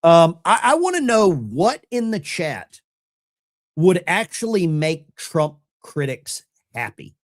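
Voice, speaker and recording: A man hosting a live call-in stream, taking callers and talking loosely. His pitch swings widely as he talks, and he is lively and rambling. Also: takes it slowly. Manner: animated and chatty, often rambling. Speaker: call-in show host.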